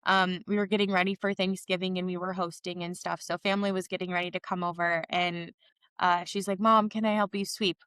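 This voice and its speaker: Chatty woman podcast host, smooth clear voice, dry sound. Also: on the low side, level tone, fairly quick, fairly bright tone, dry recording. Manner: upbeat, chatty storyteller. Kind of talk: interview conversation.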